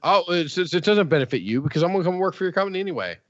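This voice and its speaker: A man's voice: high voice, animated, very fast, no echo, lo-fi sound. A man hosting a podcast in casual banter, rambling with lots of fillers and laughs. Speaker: podcast host.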